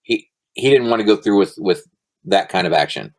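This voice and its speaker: A middle-aged man, a former soldier, telling stories casually as a podcast guest, relaxed and swearing, with many fillers. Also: lowish voice, moderate pace. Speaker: guest, former Army Ranger. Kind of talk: casual storytelling interview.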